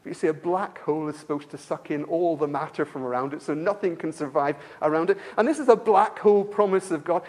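High-voiced man preaching a sermon. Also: expressive, brisk. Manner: emphatic, repeats himself, asks the congregation rhetorical questions; swings between loud emphasis and quiet, soft-spoken stretches.

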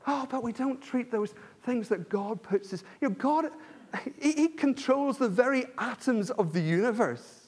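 A man with a notably high voice delivers a sermon to his congregation. He speaks earnestly, pressing his points through repetition and frequent restarts. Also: expressive, moderate pace, darkish tone, husky. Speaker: preacher.

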